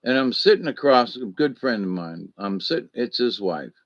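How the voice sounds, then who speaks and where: A man's voice: mid-range voice, animated, normal speed, dry recording, muffled recording. A man hosting a casual solo live stream who rambles, swears freely, answers chat comments and acts out anecdotes with sound effects.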